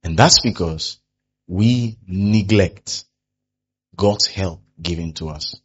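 A pastor preaching a sermon, animated, who often acts out the people he quotes. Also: low-pitched, slow pace, husky, dull audio.

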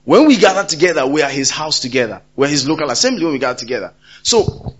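A man preaching a sermon, emphatic and repetitive, swinging between loud and soft. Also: a little high, big pitch swings, fast talker, hardly any pauses, muffled recording.

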